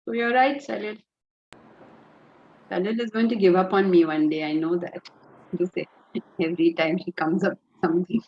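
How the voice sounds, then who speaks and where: A woman's voice: on the low side, moderate pace, pauses often. Indian lady teaching spiritual stuff, storytelling, mixes in hindi, muffled lo-fi sound. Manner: animated storytelling, slips into Hindi phrases. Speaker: Vedanta teacher. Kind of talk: spiritual lecture. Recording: dull lo-fi audio.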